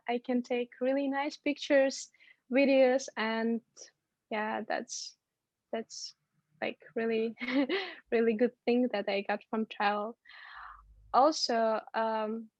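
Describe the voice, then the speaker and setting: A woman's voice: fairly high pitch, fairly even intonation, slow, no room sound, muffled recording. A young woman from Uzbekistan, chatting as a guest from home over a video call, upbeat and giggly with lots of fillers. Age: young adult. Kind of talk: casual video-call chat.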